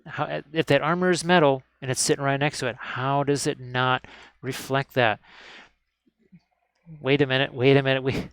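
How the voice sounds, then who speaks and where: A man's voice: medium pitch, steady tone, normal speed, fairly bright tone, clean tone, no room sound. A man teaching miniature painting on a live stream, talking casually and cheerfully while he works and often urging viewers to look closely. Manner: chatty and upbeat, often repeating "look at this". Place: indoor hobby desk.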